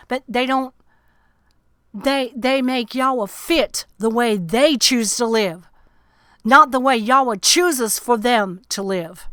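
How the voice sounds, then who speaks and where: A woman's voice: high-pitched, measured pace, pushed and bright, no room sound, clean studio sound. A woman ministering on radio, reading psalms and commenting emphatically, repeating key lines.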